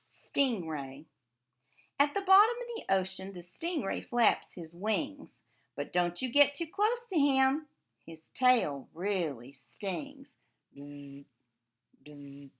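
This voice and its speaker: A woman reading a children's picture book aloud in an expressive, animated way, adding sound effects. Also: medium pitch, slow pace.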